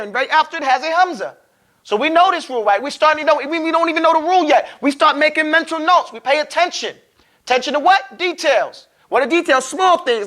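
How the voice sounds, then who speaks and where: Casual teacher, very high voice, drills recitation in class. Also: male voice, bright, forceful tone. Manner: casual, joking, quizzes students, models words slowly.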